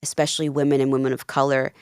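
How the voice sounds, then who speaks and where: A woman's voice: a bass voice, very fast, clean tone, dry recording, studio quality. A woman from New Jersey with Peruvian roots, a life coach telling her story earnestly as a podcast guest. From New Jersey, of Peruvian family. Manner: earnest, animated retelling with quoted dialogue. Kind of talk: candid storytelling in a podcast interview.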